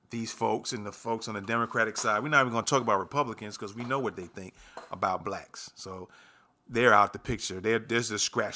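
Male podcast host, bright forceful voice, lowish pitch, political commentary, loose, lots of ums. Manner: loose, filler-heavy delivery.

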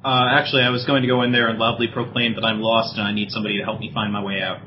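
A man playing in a tabletop game, sheepish and hesitant, quick to laugh. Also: lowish voice, level tone. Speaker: player. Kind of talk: casual tabletop game chat. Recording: lo-fi with background noise.

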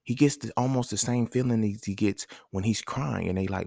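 Gravelly low-voiced man holding forth. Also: brisk, a little mellow, no room sound, studio quality. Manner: emphatic, slangy, profane, asks listeners questions. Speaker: podcast host. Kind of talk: casual monologue.

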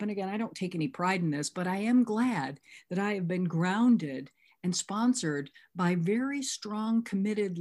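A woman's voice: mid-range voice, darkish tone. A middle-aged woman at a recovery workshop, recounting a sponsorship story and acting out both sides of the dialogue. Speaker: workshop speaker.

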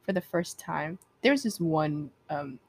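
A woman's voice: deep voice, animated, breathy edge. A young woman co-hosting a casual chat podcast, talking in a chatty way full of fillers. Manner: chatty, fast filler-heavy talk. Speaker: podcast co-host.

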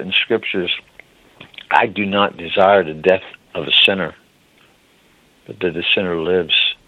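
The dry, phone-like narrow recording, free of echo, captures a man with a fairly low pitch preaching earnestly. He often says beloved to his listeners and becomes choked up.

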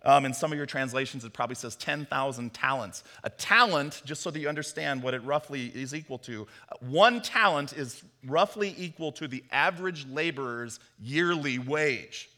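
A man preaching a sermon, telling a parable with animated storytelling and bits of acted dialogue. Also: medium pitch, moderate pace. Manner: animated storytelling, acts out Peter's voice. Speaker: pastor. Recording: long hall reverb.

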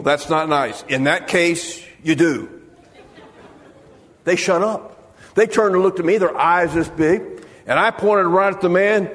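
A man's voice: fairly high pitch, long reverb tail, a little hiss or hum. A man preaching a sermon, telling humorous stories and acting out the voices of the people in them. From United States. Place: church sanctuary.

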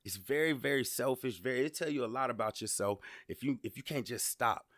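A man's voice: mid-range voice, brisk, fairly bright tone, dry recording, studio quality. A man from Georgia, hosting a podcast and telling a story to his listeners in a casual, conversational way. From Georgia, USA. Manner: conversational, repeats words, addresses listeners directly. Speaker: podcast host.

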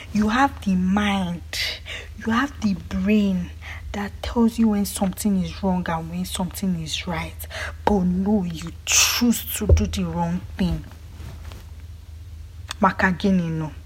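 Nigerian accent, young woman, very raspy breathy voice, impassioned speech. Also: medium pitch, poor audio. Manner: angry and emphatic, voice often dropping to a hushed near-whisper. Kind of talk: impassioned monologue.

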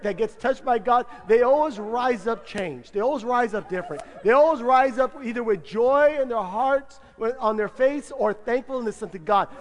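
A man preaching as pastor in a church, playful and laughing, acting out people's excuses in a lively sermon. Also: extremely high pitch. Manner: playful, acts out congregants' excuses, frequent laughter. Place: church sanctuary.

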